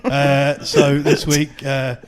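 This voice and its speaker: A man, a podcast co-host with a dry, deadpan manner. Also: medium pitch, takes it slowly, a little hiss or hum. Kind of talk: casual comedy banter.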